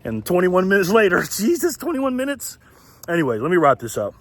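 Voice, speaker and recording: Animated, profane man ranting on camera. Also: sits high, a little fast, no room sound. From United States. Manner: animated, blunt and profane, laughs often mid-sentence. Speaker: political commentary channel host. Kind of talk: casual ranting commentary vlog.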